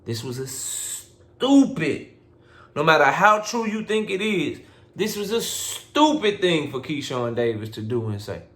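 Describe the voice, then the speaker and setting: A man's voice: a little high, expressive, normal speed, fairly bright tone. A man hosting a boxing commentary vlog, speaking in a casual, blunt and profane rant that lectures his listeners. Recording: roomy echo.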